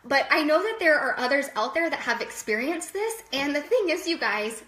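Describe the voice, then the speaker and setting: A woman's voice: high voice, big pitch swings, normal speed, a bit bright, roomy sound. A woman in her thirties crying as she tells viewers, apologizing often and speaking straight to them. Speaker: vlogger. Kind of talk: emotional personal vlog.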